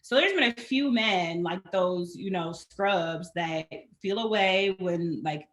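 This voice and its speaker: A woman guest in a casual chat, telling stories in an animated way and acting out what people say. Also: on the low side, takes it slowly, roomy sound. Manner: animated, acts out quotes in her storytelling. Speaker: podcast guest.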